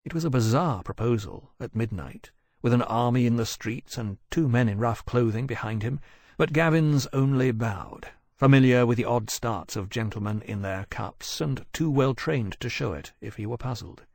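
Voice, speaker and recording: A man reads a historical novel aloud with even, measured pacing. His voice sits in an ordinary middle pitch. The recording is close and dry, with no room around it. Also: gravelly, dry recording. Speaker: audiobook narrator. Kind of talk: scripted narration.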